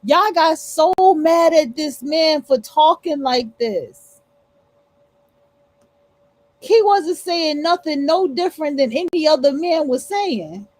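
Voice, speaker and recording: A woman's voice: high voice, lively intonation, slow pace, darkish tone, no room sound, low-quality recording. A woman hosting a livestream, reacting to clips in a casual, outspoken and profane way. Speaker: livestream host.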